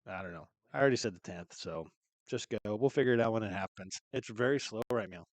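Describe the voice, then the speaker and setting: A man's voice: lowish voice, fast, no echo. Easygoing man hosting a podcast chat. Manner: laid-back and chatty, says "rad" and "dude" a lot. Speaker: podcast host. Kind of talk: casual live-stream podcast chat. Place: studio.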